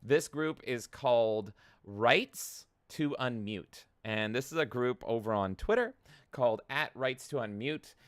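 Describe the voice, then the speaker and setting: A man co-hosting a podcast in casual chat, chatty and animated as he reads out posts. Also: mid-range voice, a little slow, dry recording, clean studio sound. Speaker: podcast co-host.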